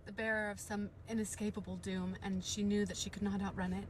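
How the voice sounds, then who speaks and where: A woman's voice: medium pitch, fairly quick. Woman reading aloud in a noisy car. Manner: swings from steady reading to loud, panicked outbursts and swearing. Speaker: live-stream reader. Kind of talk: reading a novel aloud with live reactions.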